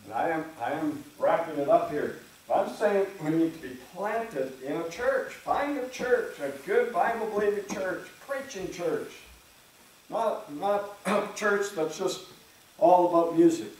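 Preacher in a very echoey church. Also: male voice, high voice, lively intonation, measured pace, darkish tone, far from the mic, a little hiss or hum. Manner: conversational preaching, voices imagined churchgoers, clears throat often. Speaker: pastor. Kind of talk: sermon. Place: church sanctuary. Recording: very echoey church room, speaker away from the mic.

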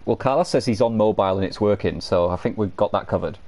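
A man's voice: lowish voice, fast, darkish tone. A man co-hosting a live stream, trading dry, teasing banter and swearing freely. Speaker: streamer co-host. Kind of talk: casual live-stream chat.

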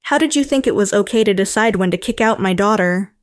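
A woman's voice: medium pitch, fast talker, dry recording, clean studio sound, lightly acted. A woman voicing a firm, fair-minded father who demands answers in a narrated story. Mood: stern. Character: stern fair-minded middle-aged father.

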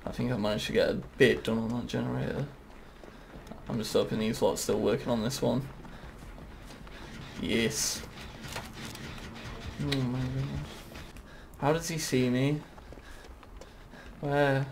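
Excitable swearing gamer, gravelly. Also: male voice, medium pitch, a little slow, long pauses, slight background noise. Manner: excitable, swears often, talks to the game. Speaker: gaming YouTuber. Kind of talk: casual gameplay commentary.

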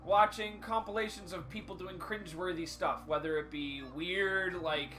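A young man co-hosting a podcast in casual chat, an animated storyteller who swears freely and says "like" often. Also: high-pitched, moderate pace, soft background music. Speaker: podcast co-host.

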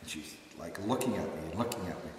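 A man who used to be ashram staff tells a group relaxed, self-mocking stories, with plenty of fillers. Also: deep voice, fast talker, a crowd in the background. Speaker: former ashram staff member leading chanting. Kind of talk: storytelling talk to a group. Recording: echoey hall, distant mic.

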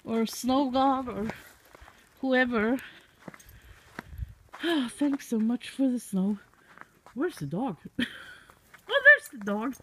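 A woman's voice: on the high side, big pitch swings, slow, long pauses, a bit bright, slight background noise, low-quality recording. A Norwegian woman with a Norwegian accent chatting casually into her phone outdoors in the snow, giggling and using baby talk with her puppy. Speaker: vlogger. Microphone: phone held in hand.

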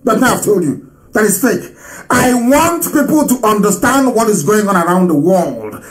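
Animated high-voiced man in live broadcast. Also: moderate pace, poor audio. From Nigeria. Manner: animated, scornful, laughs often, swings between loud and low. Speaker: broadcaster addressing listeners.

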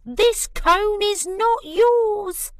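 A frantic, flighty young squirrel from a storybook, as a woman puts him on, squealing high and stretched out slowly with hungry urgency. His voice leaps far above the narration. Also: no echo, studio quality, full character voice. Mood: desperate.

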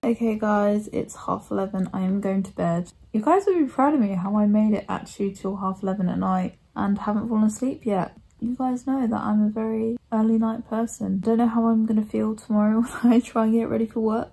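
A woman's voice: mid-range voice, fairly even intonation, brisk, gravelly, hardly any pauses, warm tone, slightly rough. A young woman in her twenties, a ballet dancer chatting casually to camera in a rambling vlog. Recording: music playing underneath.

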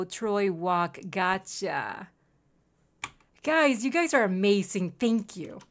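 A woman's voice: medium pitch, lively intonation, takes it slowly. A woman streaming a video game, chatting playfully with the game's characters and thanking her viewers. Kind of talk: casual game commentary.

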